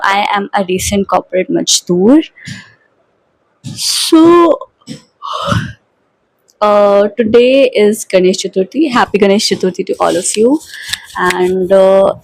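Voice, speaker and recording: A woman's voice: mid-range voice, vocal fry, darkish tone, dry recording, poor audio. A young woman in her twenties with an Indian English accent, chatting casually to her vlog viewers and slipping Hindi words into her English. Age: 20s. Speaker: vlogger. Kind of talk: casual chat.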